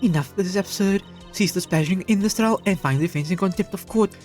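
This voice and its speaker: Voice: mid-range voice, a little fast, a little mellow, faint music behind, pitched above the performer's own voice, natural voice. A player reading a stern judge in a fan visual novel, firm and formal.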